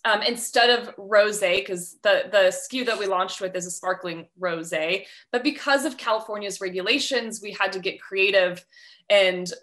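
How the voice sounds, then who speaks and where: Woman guest on a podcast, bright clear voice, friendly, lots of ums and little laughs. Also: mid-range voice, moderate pace. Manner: friendly, explains at length with ums and light laughs. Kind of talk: casual interview chat.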